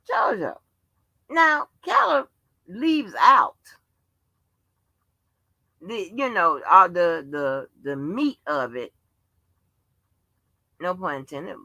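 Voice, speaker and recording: A woman's voice: mid-range voice, creaky, sharp tone, no echo. A woman hosting a livestream, ranting in a casual monologue full of profanity and exasperated rhetorical questions. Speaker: livestream host.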